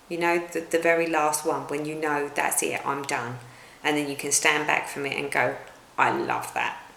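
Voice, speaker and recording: A woman's voice: fairly low pitch, vocal fry, a bit bright. A middle-aged woman with a British accent, chatting at home in a casual vlog and rambling with many restarts. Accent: British English. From United Kingdom. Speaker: cross-stitch vlogger. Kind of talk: casual chat. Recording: roomy echo.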